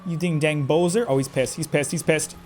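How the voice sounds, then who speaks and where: A man with a fairly high voice talks his way through a game on a live stream. He chats away, exclaims, and addresses the enemy, with faint music underneath. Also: steady tone, fairly quick, a little mellow. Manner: chatty, talks to himself and the enemy, exclaims often. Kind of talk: live gameplay commentary.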